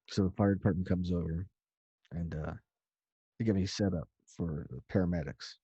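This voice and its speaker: A man's voice: low voice, fairly even intonation, normal speed, warm tone, husky, dry recording. A man casually recounting a story of his own in a loose, rambling way, with some swearing. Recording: dull lo-fi dry recording.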